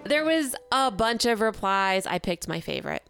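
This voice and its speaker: A woman's voice: medium pitch, sing-song, normal speed, over loud music. A woman co-hosting a podcast who chats easily and laughs often. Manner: laughing, chatty. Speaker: podcast co-host. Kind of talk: casual chat.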